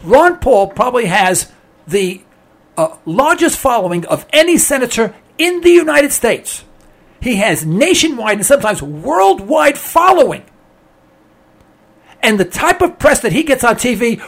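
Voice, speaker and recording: A man with a very high, gravelly voice rants bluntly and sarcastically. His pitch swings widely as he repeats his points with emphasis. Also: sing-song, unhurried. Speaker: political commentator. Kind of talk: ranting monologue.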